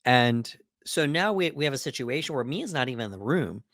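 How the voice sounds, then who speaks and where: A man co-hosting a podcast, casually recapping film scenes and acting out characters' lines with quick put-on voices. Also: mid-range voice, animated, fairly bright tone, dry recording, studio quality. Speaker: podcast co-host. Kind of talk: casual movie breakdown chat.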